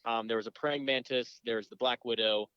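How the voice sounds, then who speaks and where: A man's voice: mid-range voice, fairly even intonation, normal speed, a bit bright, smooth, no echo, dull audio. A man co-hosting a podcast, summarizing a movie in an easygoing way with many fillers. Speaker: podcast co-host. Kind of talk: casual movie discussion.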